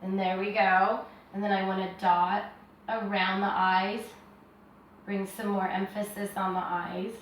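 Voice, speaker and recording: Woman, art teacher, relaxed and reassuring, thinking aloud, distant camera mic, very echoey room. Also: mid-range voice, unhurried, slight background noise. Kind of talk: drawing lesson, step by step.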